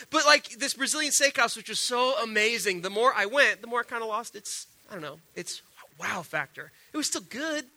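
A man preaching a casual sermon from the platform, his voice pitched high and ringing bright and sharp. He talks in an animated, conversational way, stumbling into restarts and repeating words as he builds his point. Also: normal speed. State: sick. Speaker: pastor.

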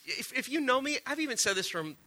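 A man preaching a casual, animated sermon as a pastor, with stammered restarts and a conversational manner. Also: very high-pitched, fast. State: sick.

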